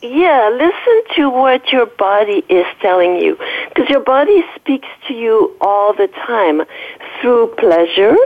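A woman's voice: a little high, sing-song, slow pace. French-accented woman on a tinny phone line. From France. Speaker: doctor. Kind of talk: guest explaining on a call-in interview.

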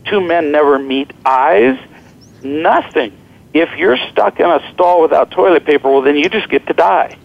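A middle-aged man, a guest author, telling animated, joking stories in an interview and acting out what people said. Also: a little high, moderate pace, creaky, narrow, tinny audio. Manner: animated, joking, acts out quoted voices. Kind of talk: storytelling interview talk.

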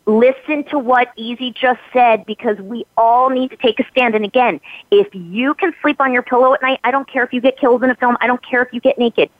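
A woman's voice: on the high side, fairly even intonation, fairly quick, dry recording. A woman guest in a podcast interview, talking in an emphatic, motivational way and repeating phrases for stress. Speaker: actress and guest. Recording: tinny phone-like line, dry.

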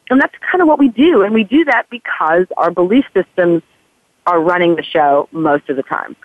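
As a podcast author guest, this woman in her forties talks openly and earnestly, drifting a bit and often falling back on "you know." Her medium-pitched voice is carried by a thin, tinny phone connection, dry and close.

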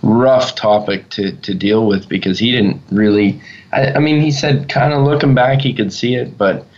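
A man who is a youth leader, telling earnest stories in a casual chat and pausing often to find his words. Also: mid-range voice, a little mellow. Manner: earnest, halting storytelling. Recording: dull lo-fi sound.

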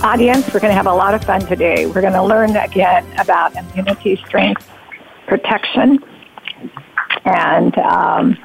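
A woman's voice: fairly low pitch, gravelly. A woman hosting a radio talk show, chatting loosely with hesitant fillers and laughs. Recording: dull lo-fi radio sound.

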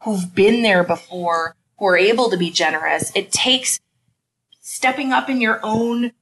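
A woman's voice: medium pitch, a little slow, a bit bright, a little hiss or hum, poor audio. A woman speaking as a panelist in a casual discussion, earnest and reflective.

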